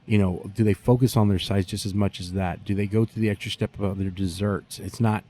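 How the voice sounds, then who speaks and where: A man, a barbecue pitmaster telling stories in a profane, animated way during a casual interview. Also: on the low side, fairly quick.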